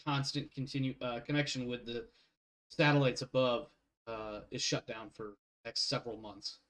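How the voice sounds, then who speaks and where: A man's voice: mid-range voice, level tone, moderate pace, fairly bright tone. A man running a tabletop game as game master, rambling and often stopping to apologize. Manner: rambling, self-interrupting, apologetic.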